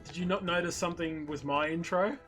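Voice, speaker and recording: A fairly high-voiced Australian man hosts a live stream in casual voice chat. He talks at length in a loose, chatty way while faint music plays behind him. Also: fairly even intonation, brisk, a bit bright, poor audio. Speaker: streamer host.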